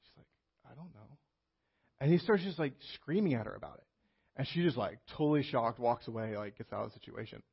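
Gravelly man telling a sermon story. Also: medium pitch, expressive, fast talker, highs cut off. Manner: conversational storytelling with many restarts and fillers. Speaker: preacher.

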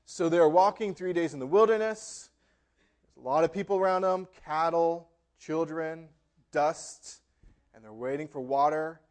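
A man's voice: on the high side, unhurried, a little mellow. A man preaching a sermon, reading scripture aloud with emphatic, dramatic delivery. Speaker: pastor.

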